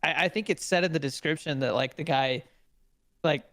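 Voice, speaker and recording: With a slightly high voice at normal speed, this podcast co-host chats casually and laughs often. He's a lively storyteller who performs other people's lines, and the sound is dry and clean, like a studio.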